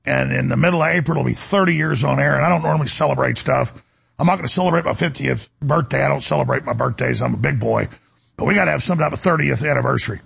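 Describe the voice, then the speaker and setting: A fifty-year-old man hosting a talk radio show, delivering a fervent, preachy monologue that swings from loud to hushed. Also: medium pitch, quick pace, vocal fry, breathy edge.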